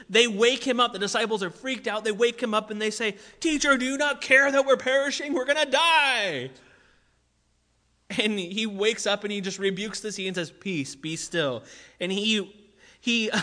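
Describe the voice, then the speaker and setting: A man preaching a sermon as pastor, in a conversational style with quick asides and repeated phrases. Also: high voice, sharp tone. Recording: long hall reverb.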